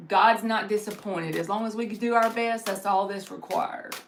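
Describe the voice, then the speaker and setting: A woman's voice: mid-range voice, fairly even intonation, normal speed, few pauses, a little hiss or hum. A woman hosting a live tarot stream, chatting casually and giving encouraging spiritual advice with plenty of fillers.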